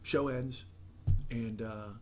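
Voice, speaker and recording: A man in casual conversation telling stories with lively acted-out quotes, swearing freely. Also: mid-range voice, slow. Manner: animated storyteller, acts out quotes, swears freely. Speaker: guest. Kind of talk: casual storytelling chat.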